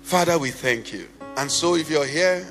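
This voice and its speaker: Impassioned preacher in a reverberant hall. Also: male voice, fairly high pitch, normal speed. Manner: impassioned, sing-song cadence, swells to shouts then drops to hushed prayer. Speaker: pastor. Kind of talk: sermon and led prayer. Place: church sanctuary. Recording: reverberant church hall with faint music.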